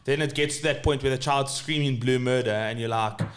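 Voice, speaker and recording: A man's voice: medium pitch, fairly quick. Chatty podcast man. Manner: chatty storyteller, agreeable. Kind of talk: casual chat.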